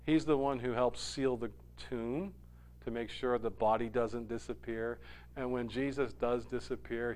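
A man preaching a sermon, animated, dropping to a hush and rising loud when he acts out quoted lines. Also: mid-range voice. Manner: animated, swings from hushed to loud when quoting. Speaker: pastor.

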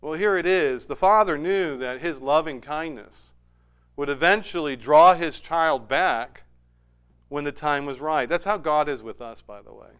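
A man's voice: fairly high pitch, a little slow, a bit bright, clean tone. A middle-aged man preaching a sermon, telling a family story and rising to emphatic peaks. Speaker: pastor.

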